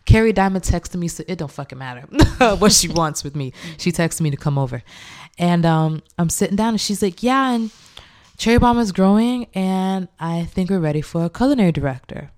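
A young woman chef, animated and laughing often as she acts out quoted speech in a casual interview. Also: on the low side, fairly quick. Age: young adult.

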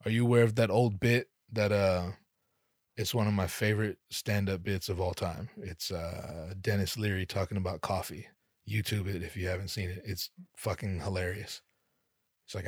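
A man hosting a solo comedy podcast, telling a rambling, profane, self-deprecating story, his voice jumping up in sudden animated bursts. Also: low-pitched, moderate pace, dry recording, clean studio sound. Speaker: podcast host.

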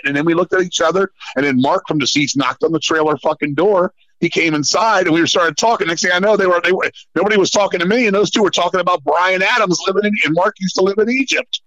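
A man from Virginia spins long, cursing backstage stories as a podcast guest, tumbling over his own words. He talks quickly with a brisk, bright edge and a slightly high voice. The close mic sounds dry, with no room around him. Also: dry recording, lo-fi sound. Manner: profane, animated, rambling with many restarts. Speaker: guest, metal band frontman. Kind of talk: casual storytelling chat.

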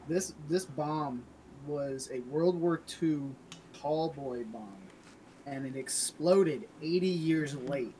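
A young man co-hosting a casual podcast, hesitant, with many pauses and trailing sentences. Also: a little high, warm tone, slight background noise, rough recording. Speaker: podcast co-host.

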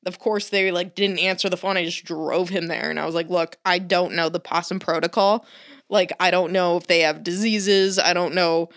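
A woman's voice: fairly low pitch, normal speed, hardly any pauses. A woman telling a story in casual, profane chat, acting out what people and animals said. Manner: animated, swears a lot, acts out quotes.

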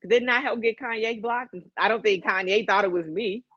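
A woman's voice: on the high side, moderate pace, a bit bright, dull audio, slight background noise. A woman from Chicago co-hosting a casual chat, candid and profane, laughing through her stories. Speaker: podcast co-host.

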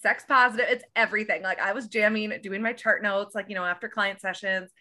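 A woman's voice: medium pitch, fairly even intonation, brisk, bright, forceful tone. An American woman hosting a podcast, chatting in a bubbly, enthusiastic way. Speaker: podcast host. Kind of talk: casual chat.

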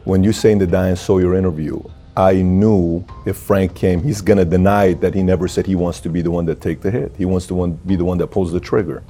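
A man's voice: sits low, steady tone, a little fast, warm tone, soft background music. A man interviewing a guest, recapping the story before asking probing questions.

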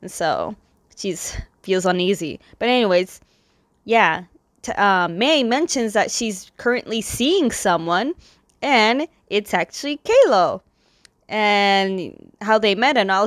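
A woman's voice: medium pitch, no room sound, clean studio sound. Woman casually rambling through a story recap. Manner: rambling, loose storytelling with many fillers; quick lilting impressions of the characters' lines. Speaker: comic recap host.

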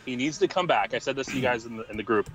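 A man's voice: mid-range voice, animated, rapid-fire, a bit bright, poor audio. A young man co-hosting a wrestling podcast in casual chat, rambling and laughing often as he talks. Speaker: podcast co-host.

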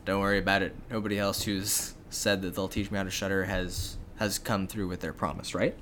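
A man's voice: low voice, level tone, a little fast, a bit bright, a little hiss or hum. A man voicing a carefree, fearless young lad who talks in a breezy, offhand way with modern slang. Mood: nonchalant.

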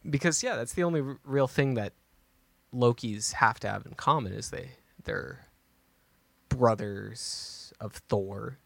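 A man's voice: mid-range voice, unhurried, creaky, fairly bright tone, no echo. A man co-hosting a podcast, chatting casually and thinking aloud as he goes, with many restarts. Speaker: podcast co-host. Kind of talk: casual chat.

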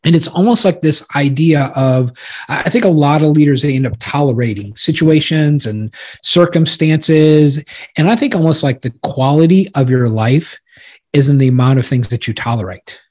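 Husky-voiced man, earnest podcast co-host. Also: a little high, moderate pace, darkish tone. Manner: earnest, rambling with fillers and restarts. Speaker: podcast co-host and executive coach. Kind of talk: casual podcast conversation.

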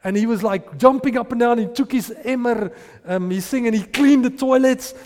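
A man's voice: extremely high pitch, moderate pace, a little mellow, big-room sound. A man preaching a sermon and acting out the people in his stories. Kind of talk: sermon with storytelling.

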